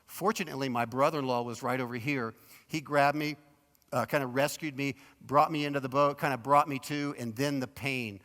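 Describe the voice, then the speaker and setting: A man's voice: medium pitch, fairly even intonation, brisk. Man preaching in an echoing church hall. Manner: conversational storytelling preacher, swings between emphatic and hushed. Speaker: guest pastor. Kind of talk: sermon. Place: large church auditorium. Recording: long reverb of a church auditorium.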